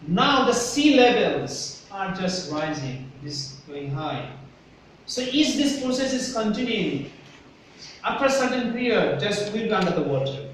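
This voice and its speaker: A man's voice: high-pitched, sing-song, measured pace, fairly bright tone. A man with a Bangladeshi English accent lecturing a university class, emphatic and often checking in with students. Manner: emphatic, repeatedly checks "Yes? Clear?" with students. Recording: echoey classroom from far off, faint hiss.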